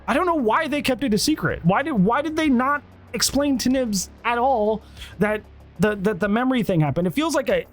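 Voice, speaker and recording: A man giving a casual, rambling review of a TV episode, animated and acting out bits of dialogue. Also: high voice. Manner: animated, rambling, acts out quotes. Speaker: TV show reviewer.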